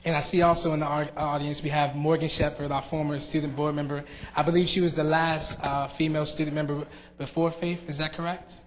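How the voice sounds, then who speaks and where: A young man speaks in a fairly high voice, with many "um"s and restarts. He gives a sincere farewell speech as a student board member. The long reverb of a large meeting hall trails each phrase. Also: flat delivery, a little hiss or hum. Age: young adult. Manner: halting, many fillers and restarts. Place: school board meeting room.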